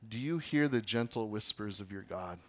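A man preaching a sermon as pastor, swinging from loud declamation to hushed whispers. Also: on the low side, lively intonation, moderate pace.

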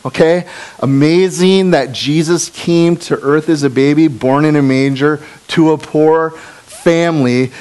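A male pastor preaching a casual, joking sermon, full of asides and fillers. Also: on the high side. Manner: animated, jokey, with asides and fillers.

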